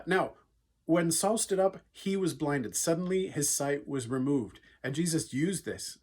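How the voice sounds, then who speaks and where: Husky guy, slightly high voice, earnest chatty youth talk with lots of uhs. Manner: earnest, conversational, with frequent fillers. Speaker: youth speaker. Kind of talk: devotional talk retelling a Bible story.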